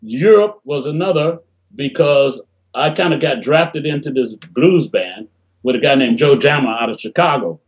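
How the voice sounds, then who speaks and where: An older man from Detroit telling animated stories in a casual interview over a video call, often acting out what people said. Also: mid-range voice, normal speed. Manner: animated, laughing storyteller, acts out quotes. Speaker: interview guest, bassist. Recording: dull lo-fi call audio.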